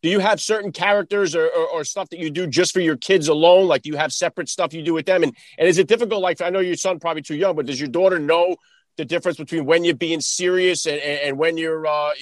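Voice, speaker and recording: Male host, quick and slightly high, stumbling starts, dry close sound. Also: fairly even intonation, no echo. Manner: quick, repeats words when starting questions. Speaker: podcast host. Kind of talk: casual interview.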